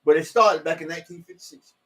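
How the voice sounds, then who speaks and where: High-voiced man preaching with emphatic shouts. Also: fast talker. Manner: emphatic, rising to shouts on scripture verses; loose, repetitive street-preacher talk. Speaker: self-styled preacher. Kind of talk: informal scripture preaching.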